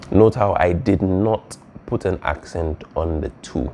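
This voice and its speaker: A man's voice: low voice, slow pace, mellow, a little hiss or hum. A man teaching a Spanish lesson, explaining casually with frequent fillers and "all right?" checks. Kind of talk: recorded classroom lesson.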